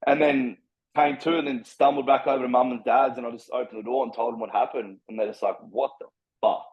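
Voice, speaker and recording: A man's voice: medium pitch, steady tone, fast talker, dull audio. A man with an Australian accent telling his life story as a podcast guest, in a rambling, frank and heavily profane way. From Brisbane, Australia. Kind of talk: candid personal storytelling.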